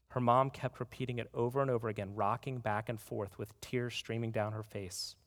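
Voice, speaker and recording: A man preaching a sermon as pastor, earnest, telling a story and slowing down to stress key words. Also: medium pitch, steady tone. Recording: reverberant hall.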